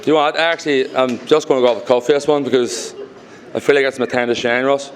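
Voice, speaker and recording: A young man giving a groom's wedding speech to guests at a reception, halting with many ums, turning teary between jokes. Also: medium pitch, steady tone, background noise.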